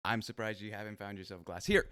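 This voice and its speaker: A man's voice: on the low side, steady tone, fast, fairly bright tone, no room sound, studio quality. A man hosting a casual streamed interview, laid-back and easygoing, with plenty of affirming fillers. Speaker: host.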